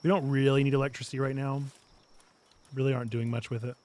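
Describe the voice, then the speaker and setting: A man's voice: mid-range voice, little pitch movement, quick pace, a little mellow. A man streaming a video game, chatting casually and playfully talking to the creatures in it. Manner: playful, talks to the game creatures and reads chat. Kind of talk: casual gameplay commentary.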